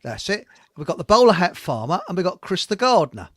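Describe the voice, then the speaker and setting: A man's voice: high voice, sing-song, quick pace, no echo, clean studio sound. An older man hosting a live talk show, telling rambling jokes and stories and chuckling at his own punchlines. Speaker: host. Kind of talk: casual chat on a live internet talk show.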